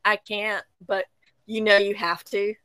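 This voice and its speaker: A woman hosting an interview chat, encouraging her guest with quick affirmations. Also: medium pitch, fairly even intonation, pushed and bright, clean tone. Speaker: podcast host.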